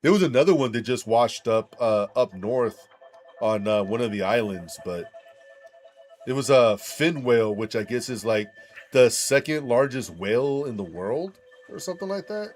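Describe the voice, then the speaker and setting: A man's voice: fairly low pitch, lively intonation, normal speed, a little mellow, faint music behind. A young man streaming a game, telling a rambling, profane story and saying "dude" and "like" a lot. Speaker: gaming streamer. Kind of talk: casual storytelling while gaming.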